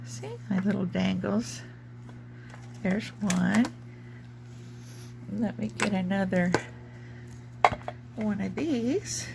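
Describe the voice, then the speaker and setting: Very slowly and with frequent pauses, a junk journal crafter shows her work in a relaxed show-and-tell, her mid-range voice marked by vocal fry. She has the hiccups, rambles, and fumbles for words with many ums, with background noise present.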